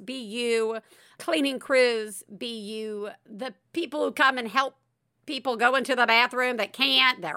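Brief: woman host, podcast chat from home, bright and fairly high, dry close sound, animated and laughing. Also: no echo. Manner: animated, laughs often, shouts quoted lines.

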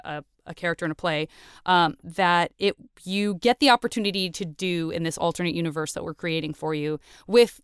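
A woman's voice: fairly low pitch, smooth, no echo, studio quality. A woman hosting a casual podcast interview, talking with effusive enthusiasm. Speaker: podcast host.

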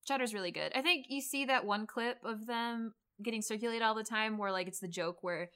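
A woman co-hosting a podcast in casual chat, playful and quick to chime in with jokes. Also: a little high, pushed and bright, clean tone. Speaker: podcast co-host.

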